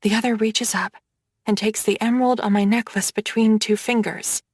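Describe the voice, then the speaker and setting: A woman reading a dark romance audiobook in first person, with dramatic storytelling. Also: on the high side, fairly even intonation, moderate pace, no echo, studio quality. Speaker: audiobook narrator.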